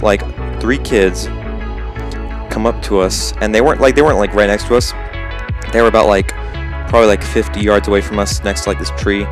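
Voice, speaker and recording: A teenage boy and gaming channel host telling a story casually, rambling with lots of fillers. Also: fairly low pitch. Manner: rambling, full of "like" and "um".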